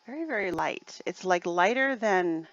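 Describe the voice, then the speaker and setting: A woman's voice: on the low side, animated, moderate pace, no room sound, muffled recording. A woman chatting casually on a livestream, rambling with lots of fillers. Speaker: livestream co-host.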